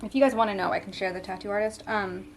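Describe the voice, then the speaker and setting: A woman's voice: mid-range voice, fairly even intonation, quick pace, slight background noise. A young woman in her twenties chatting casually to camera in a vlog, with frequent ums, sometimes talking with her mouth full. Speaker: vlogger.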